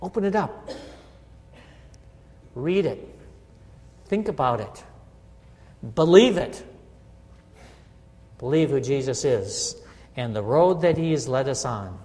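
A man's voice: medium pitch, expressive, slow, long pauses, darkish tone, big-room sound. A middle-aged man preaching a conversational sermon as a pastor, often checking in with his listeners. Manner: conversational, asks listeners "right?". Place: church sanctuary.

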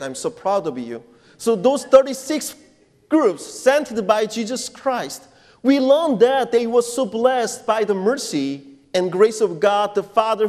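High-voiced male pastor preaching slowly. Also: darkish tone. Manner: deliberate, emphatic preaching with questions put to the congregation. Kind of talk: sermon. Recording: long reverb of a church hall.

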